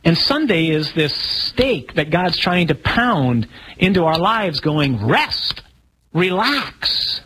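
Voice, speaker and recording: A man's voice: on the high side, very animated, slow pace, fairly bright tone, slight background noise, poor audio. Conversational male priest giving a talk. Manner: conversational, wry, asks the listeners questions. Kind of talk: casual sermon talk.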